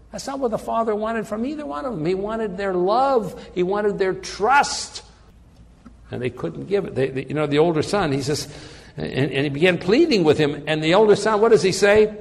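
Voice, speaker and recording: A man's voice: high voice, lively intonation, moderate pace, creaky. Earnest preaching man, echoing hall. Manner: earnest, repeats words while searching for phrasing. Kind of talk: sermon.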